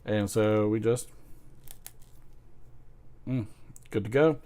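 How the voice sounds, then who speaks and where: A man's voice: fairly low pitch, slow, warm tone, clean tone. A man hosting a casual pipe-smoking chat, rambling, laughing often and trying out comic voices. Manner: chatty, self-deprecating, laughs often, tries comic voices. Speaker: pipe-smoking video host.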